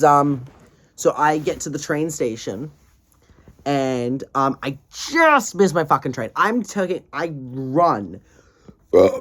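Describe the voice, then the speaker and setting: A man in his twenties ranting in a casual video diary, tired, profane and rambling. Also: a little high. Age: 20s. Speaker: vlogger.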